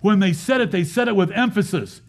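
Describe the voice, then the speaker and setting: A man's voice: high voice, expressive, fairly quick. A man preaching a sermon as pastor, emphatic, repeating lines and asking rhetorical questions.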